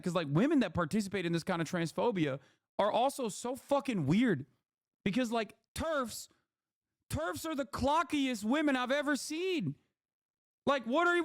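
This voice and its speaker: A man delivering a heated, profane political commentary rant, often breaking into shouting. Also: extremely high pitch, dry recording, studio quality. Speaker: streamer being watched.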